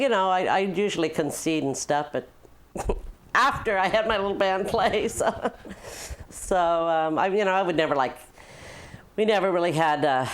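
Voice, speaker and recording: An older woman speaking in a notably low voice, reminiscing in a documentary interview. She tells her stories with laughter breaking in, unhurried and personal. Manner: warm storytelling with frequent laughs. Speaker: former nightclub owner.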